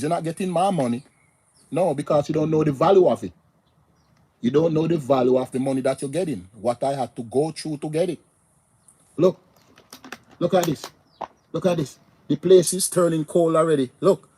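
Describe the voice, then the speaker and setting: A man's voice: on the high side, dark tone. A man talking casually and animatedly on a live stream, repeating himself and greeting viewers in the chat.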